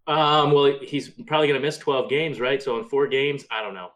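Relaxed male guest, hesitant delivery, music playing under the talk. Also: medium pitch, moderate pace. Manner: easygoing, hesitant, lots of uhs. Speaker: podcast guest analyst. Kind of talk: casual podcast banter.

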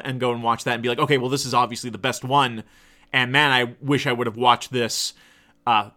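A man's voice: medium pitch, pushed and bright. A man in his thirties telling a casual, profane, digressive story about his past. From Canada. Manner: profane, digressive, self-deprecating. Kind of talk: casual rambling anecdote.

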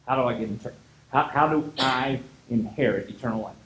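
Conversational pastor in an echoey hall. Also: male voice, a little high, expressive, normal speed, a bit bright. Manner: conversational, retells scripture in casual voices. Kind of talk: sermon.

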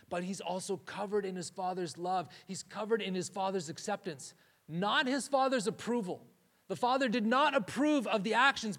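A man's voice: high voice, fairly bright tone. A man giving a conversational sermon, often restarting phrases and saying "like". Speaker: preacher.

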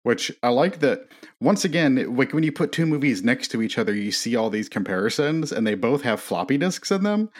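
A man on a casual movie podcast, rambling through his strong opinions and circling back with fillers. His voice sits at an ordinary middle pitch for a man. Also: sing-song, brisk. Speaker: podcast co-host.

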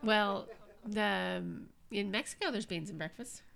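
A woman's voice: medium pitch, unhurried, creaky, fairly bright tone. A middle-aged woman co-hosting a podcast, chiming in with dry, teasing, sarcastic asides in casual chat. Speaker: podcast co-host.

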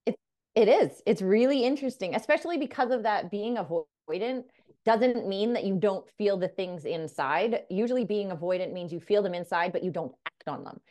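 A woman hosting a podcast explains ideas in a calm, steady way. She sums up the talk and speaks straight to the listener. Her voice sits in the middle range. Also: mid-range voice, normal speed. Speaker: podcast co-host. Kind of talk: casual chat.

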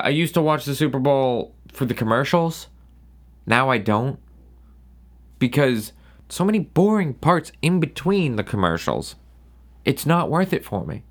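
A man's voice: medium pitch, fairly bright tone. Sarcastic, profane young man ranting. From New England. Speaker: podcast host. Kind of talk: casual solo rant.

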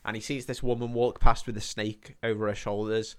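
A man's voice: on the low side, little pitch movement, a little fast, smooth. A man co-hosting a podcast in casual chat, laughing a lot and recounting film scenes with put-on voices. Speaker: podcast co-host.

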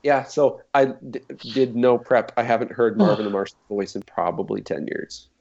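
A man's voice: medium pitch, normal speed, darkish tone, lo-fi sound. A man chatting casually on a podcast as a regular, joking and laughing often.

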